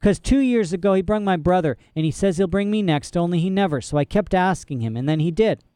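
A man's voice: high-pitched, animated, a little fast, dark tone, no room sound, pitched above the performer's own voice. Man doing a stubborn eleven-year-old girl. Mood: evasive. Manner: rough ungrammatical speech, mumbling.

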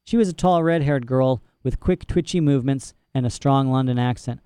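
A man narrating a novel in a measured storytelling manner. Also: medium pitch, mellow, clean tone, no room sound, studio quality. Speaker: audiobook narrator. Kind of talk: scripted narration.

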